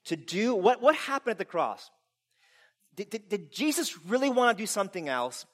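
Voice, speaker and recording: A man preaching a sermon to a congregation, animated and playful, with loud bursts of laughter. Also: high voice, normal speed. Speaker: pastor.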